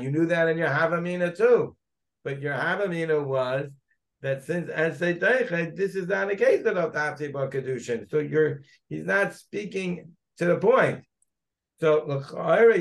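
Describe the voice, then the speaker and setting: A man, a rabbi, teaching a Talmud class, thinking aloud as he searches through the text and digresses. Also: fairly high pitch.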